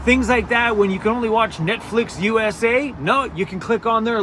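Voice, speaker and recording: A man's voice: high-pitched, moderate pace, slight background noise. A Canadian man chatting casually and energetically in a vlog, joking as he goes. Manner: upbeat, jokey, energetic. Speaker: vlogger.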